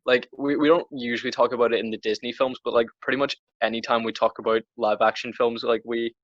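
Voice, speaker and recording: A Northern Irish man chats on a podcast, his talk winding through fillers and restarts. His voice sits at a middling pitch. The sound is dry and a little dull, like a lo-fi home recording. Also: flat delivery, quick pace, no echo. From Northern Ireland. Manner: rambling, many restarts and fillers. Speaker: podcast co-host. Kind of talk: casual chat.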